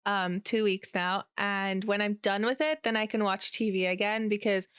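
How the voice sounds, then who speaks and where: A woman's voice: medium pitch, fairly even intonation, normal speed, a bit bright, clean tone, no echo, studio quality. A woman co-hosting a podcast, chatting in a playful, dramatic way. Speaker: podcast co-host. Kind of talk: casual chat.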